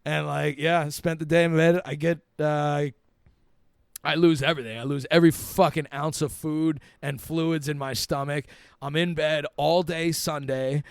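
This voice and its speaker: A man's voice: on the high side, steady tone, moderate pace, creaky, clean tone, dry recording, clean studio sound. A young man, a comedian and podcast guest, telling a long story in a laid-back, profane way. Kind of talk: casual storytelling.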